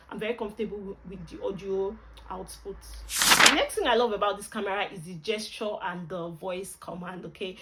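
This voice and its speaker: A woman with a Nigerian accent talks through a gadget review in a chatty, expressive vlog manner. Her voice is bright and forceful, and she drops pidgin exclamations between points. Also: medium pitch, low-quality recording. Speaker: vlogger reviewing a camera. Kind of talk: casual product review vlog.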